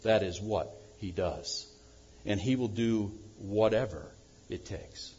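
A man preaching a sermon as pastor, swinging from loud acted-out prayers to low, quiet asides. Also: slow, highs cut off, slight background noise. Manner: animated preaching, acting out prayers loudly then dropping low.

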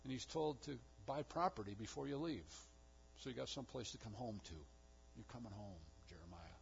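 A man preaching a sermon with emphatic delivery, rising to loud declarations and dropping to hushed low lines. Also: normal speed, vocal fry, dull audio, slight background noise. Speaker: pastor.

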